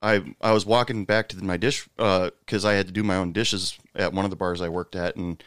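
Man with a low voice, talks in a hesitant way with lots of fillers, recorded dry and close. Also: fairly even intonation, brisk, a bit bright, smooth, no echo. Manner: hesitant, many fillers, laughs easily. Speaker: former bartender. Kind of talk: casual chat.

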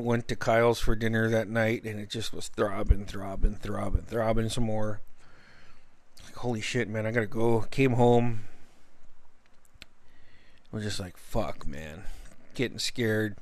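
A man's voice: fairly low pitch, dry recording. A man telling a personal story casually and bluntly, with plenty of swearing. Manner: profane, blunt, rambling anecdote. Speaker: vlogger.

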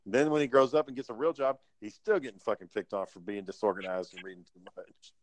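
A man's voice: fairly low pitch, expressive, fast talker, no room sound, poor audio. A man telling a rambling story among friends, swearing often and restarting his sentences. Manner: rambling, profane, with many restarts. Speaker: storyteller in a casual chat. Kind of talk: casual profane chat among friends.

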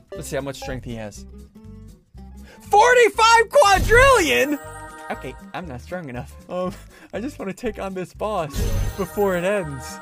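A man hosting casual video game commentary, excitable and yelling in bursts when things go his way. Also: sits high. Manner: excitable, yells in bursts at wins. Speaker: YouTube gamer host. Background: game music.

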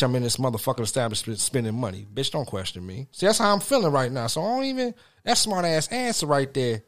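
A man's voice: fairly high pitch, a bit bright. A man co-hosting a podcast in casual chat, ranting heatedly and swearing a lot. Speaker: podcast co-host.

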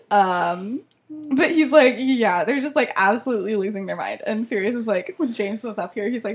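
A woman's voice: fairly high pitch, lively intonation, normal speed. A woman co-hosting a podcast, retelling a story in casual chat, often laughing and saying "like" and "um". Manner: giggly, lots of "like" and "um". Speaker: podcast co-host.

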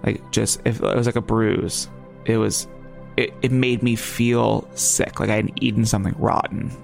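A man with a New Jersey accent tells a story in a loose, rambling way, stopping and restarting often. His voice has a gravelly edge. Faint music plays underneath. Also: fairly low pitch, fairly even intonation, moderate pace. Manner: rambling, many fillers and restarts. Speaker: podcast guest. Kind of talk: casual storytelling.

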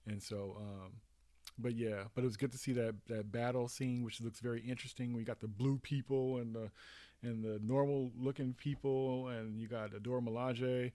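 A man co-hosting a casual podcast, talking in a rambling, animated way with many restarts. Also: medium pitch, moderate pace, no echo. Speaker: podcast co-host. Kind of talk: casual chat.

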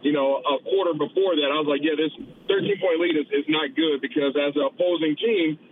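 A man's voice: fairly high pitch, steady tone, brisk, slight background noise. Chatty man on a tinny phone line. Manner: rambling, chatty storytelling. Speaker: caller. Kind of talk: casual call-in chat.

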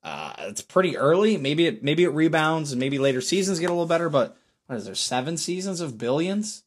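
A man hosting a casual solo podcast, hoarse from screaming, telling stories with lots of laughter. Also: a little high, brisk. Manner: animated storyteller, laughs often. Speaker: podcast host.

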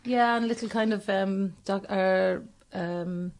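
A woman comedian chatting as a guest in a casual interview, relaxed and a little hesitant. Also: medium pitch, slow pace.

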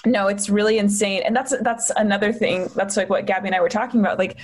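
A young woman co-hosting a podcast, telling animated stories loaded with "like" and swearing. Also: medium pitch, quick pace. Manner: animated storytelling, lots of "like" and profanity. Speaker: podcast co-host, comedian. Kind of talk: casual podcast chat.

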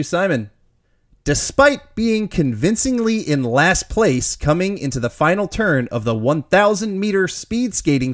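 An upbeat man hosting a casual trivia game show, laughing easily. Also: on the high side.

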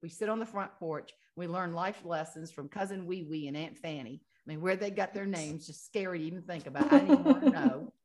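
A woman with a Southern American drawl and a slightly low voice, talking as a guest author in an interview. She tells folksy stories with plenty of animation and often laughs her way through the punchlines. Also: a little fast, hardly any pauses, a crowd in the background. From Southern United States. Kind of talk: casual storytelling interview.

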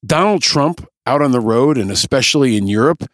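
A man's voice: medium pitch, lively intonation, fairly quick, dry recording, clean studio sound. A man hosting a podcast, delivering scripted, sarcastic and pointed political commentary. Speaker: podcast host.

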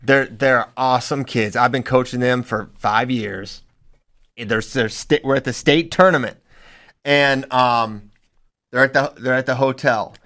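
Man, wrestling coach, casual podcast chat, animated storyteller, laughs a lot, mid-pitched voice. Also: measured pace. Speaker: high school wrestling coach.

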